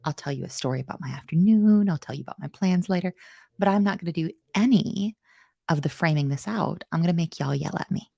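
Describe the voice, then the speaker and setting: A woman's voice: on the low side, fast, gravelly, dark tone, no echo, clean studio sound. A woman hosting a casual live coding lesson, chatty and self-mocking as she reads out viewer comments. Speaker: coding instructor hosting a livestream.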